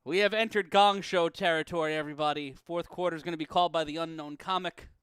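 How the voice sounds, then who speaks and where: A man calling an amateur football game play-by-play, profane and prone to erupting into shouts and laughter on big plays. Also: fairly high pitch, steady tone, quick pace, clear, resonant tone, no echo, studio quality. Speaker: play-by-play commentator. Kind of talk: sports commentary.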